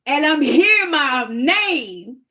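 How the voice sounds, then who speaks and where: High-voiced woman telling a story, unhurried. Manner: animated, laughs often, plain-spoken. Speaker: host sharing a testimony. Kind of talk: casual personal storytelling.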